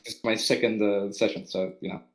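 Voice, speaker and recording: Low-voiced man at a game table, halting and unsure. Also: fairly even intonation, crowd noise, poor audio. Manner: hesitant, full of fillers. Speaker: player.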